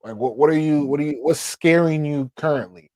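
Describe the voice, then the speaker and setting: A man co-hosting a podcast, a father giving advice in casual chat, thoughtful and halting with many fillers. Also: a little high, a little mellow, dry recording.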